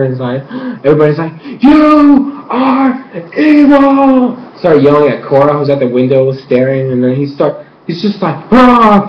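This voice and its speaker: A young man giving an excited, casual recap of a show episode, full of fillers and sudden high squeals as he quotes the characters. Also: reverberant, muffled recording, slight background noise. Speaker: episode reviewer.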